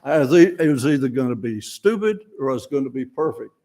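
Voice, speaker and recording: A man's voice: mid-range voice, animated, fast talker, dark tone. An older man giving an informal, folksy sermon at a fellowship service, self-deprecating and plain-spoken, often restarting his words. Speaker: lay speaker at a fellowship service.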